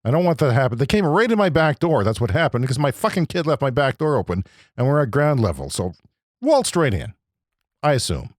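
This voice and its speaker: A man hosting a podcast, delivering an agitated, profane comedic rant that swings between loud outbursts and low muttering. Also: sing-song, fairly quick, dry recording, clean studio sound. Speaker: podcast host. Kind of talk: ranting comedic monologue.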